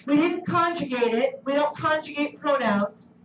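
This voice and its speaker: A woman's voice: high voice, moderate pace, fairly bright tone, slight background noise. A woman teaching a Spanish lesson in a classroom, coaxing and quizzing her students. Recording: roomy, distant, dull classroom recording.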